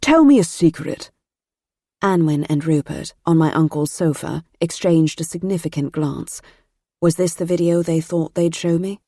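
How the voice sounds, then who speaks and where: In a calm, measured way, a woman tells the story of an audiobook. The voice is deep, the sound clean and studio-grade, without any echo.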